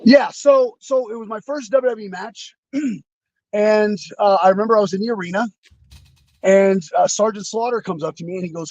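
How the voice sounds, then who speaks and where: A man's voice: high voice, moderate pace, a little mellow, no room sound, lo-fi sound. A man being interviewed over a video call, telling rambling, reflective stories with many fillers and restarts. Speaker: interview guest, former wrestler. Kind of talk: casual storytelling.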